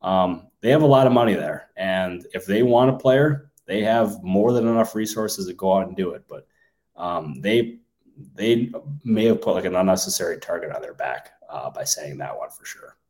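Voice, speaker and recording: A man co-hosting a sports podcast, musing casually and thinking out loud with many fillers. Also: deep voice, moderate pace. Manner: thinks aloud with many ums and likes. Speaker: podcast co-host, sports reporter.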